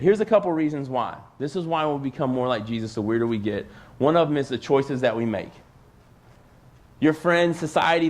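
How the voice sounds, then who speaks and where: A youth pastor with a mid-range, darkish voice preaches a casual youth sermon from a church stage. He talks conversationally and fills his sentences with "like".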